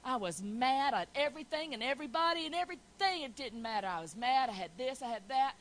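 A woman preaching a sermon, building from quiet storytelling to loud, shouted preaching. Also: high-pitched, expressive, fast talker, a little hiss or hum, low-quality recording.

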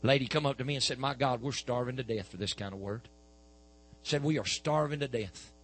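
Preacher guy, kinda husky, middle pitch, acts out stories in his sermon. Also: a little fast, fairly bright tone, low-quality recording. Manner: storytelling with quoted dialogue, rising to emphatic preaching.

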